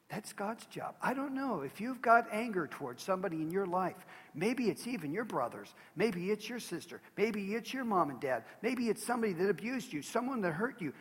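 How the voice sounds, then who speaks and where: A man's voice: sits high, sing-song, brisk, hardly any pauses, a bit bright, slightly rough, in a large hall. A man preaching as a pastor, earnest and emphatic, pleading with his listeners. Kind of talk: sermon.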